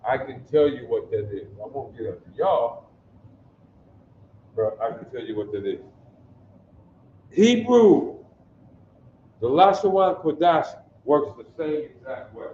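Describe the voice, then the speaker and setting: A man from Detroit teaching a basic Hebrew class, drilling pronunciation slowly and coaxing the class to answer. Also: medium pitch, a little hiss or hum. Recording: echoey room, distant dull mic.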